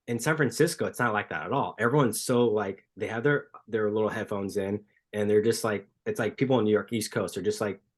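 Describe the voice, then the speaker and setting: Laid-back chatty man, lower voice. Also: a little fast, few pauses. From Southern California. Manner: animated storyteller, heavy use of "like", acts out greetings. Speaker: podcast guest, running coach. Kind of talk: casual chat.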